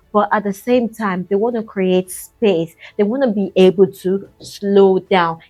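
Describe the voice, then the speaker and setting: A woman's voice: medium pitch, muffled recording. Chatty woman coach calling listeners sis. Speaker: mindset coach. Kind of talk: casual coaching talk.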